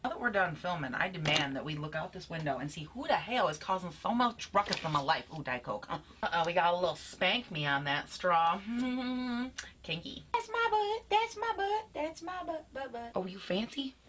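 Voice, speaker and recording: A woman's voice: fairly low pitch, expressive, moderate pace, fairly bright tone, a little hiss or hum. A woman beauty vlogger chatting casually in a camper, giggly and jokey, rambling between asides. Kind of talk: casual chat.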